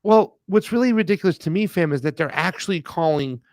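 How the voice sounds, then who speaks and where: A man's voice: a little high, expressive, a little fast, a little mellow, no echo. A man co-hosting a casual political chat show, blunt and heated, talking in loose slang. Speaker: co-host.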